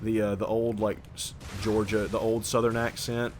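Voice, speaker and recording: A man's voice: lowish voice, flat delivery, a little mellow, slight background noise. A man streaming a game and chatting casually with friends, rambling and swearing as he talks. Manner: rambling, profane, drawn-out talk. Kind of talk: casual chat while gaming.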